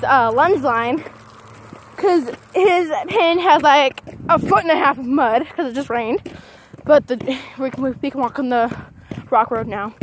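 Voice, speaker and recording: A high-pitched teenage girl talks casually into a phone held in her hand while walking outdoors. She rambles and keeps breaking off to call her dog. A faint hiss sits under the recording. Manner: distracted, chatty, keeps calling to her dog mid-sentence. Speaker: vlogger. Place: outdoors on a walk.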